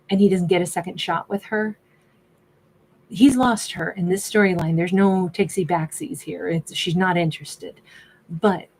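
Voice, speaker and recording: A woman's voice: fairly low pitch, darkish tone, low-quality recording. A woman giving a casual, chatty tarot reading, talking conversationally and often rephrasing herself mid-sentence. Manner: chatty, conversational, self-correcting. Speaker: tarot reader.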